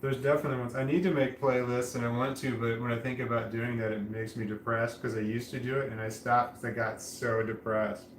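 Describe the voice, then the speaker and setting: A man vlogging casually to camera, speaking in a flat, droning monotone with a slight lisp on his S sounds and frequent restarts. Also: mid-range voice, a little fast, few pauses, roomy sound, slight background noise, low-quality recording.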